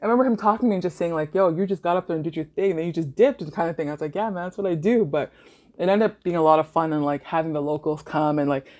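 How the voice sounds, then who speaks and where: Laid-back young woman podcaster, lower voice. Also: racing, a little mellow. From Canada. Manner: swears freely, laughs often, fillers like "like". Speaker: podcast host. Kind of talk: casual storytelling monologue.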